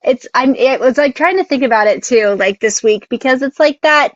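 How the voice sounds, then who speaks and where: A woman's voice: sits high, normal speed, few pauses, no room sound. A woman co-hosting a casual live stream, rambling, laughing often and tripping over her words. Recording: dull, dry lo-fi sound.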